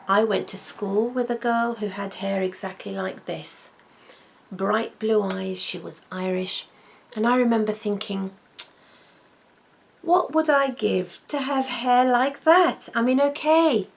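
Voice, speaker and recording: Slow, gravelly woman chatting. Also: medium pitch. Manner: chatty and gushing, repeats words for emphasis. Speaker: wig vlogger. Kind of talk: relaxed intimate chat.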